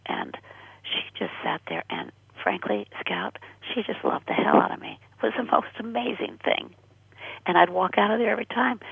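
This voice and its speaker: An older woman with a deeply husky, gravelly voice tells her story in earnest and often sinks to a breathy near whisper. Her pitch rides up and down with lively swings. The sound is dry and tinny, like a phone line on the radio. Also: no room sound. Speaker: guest. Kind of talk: personal testimony in a radio interview.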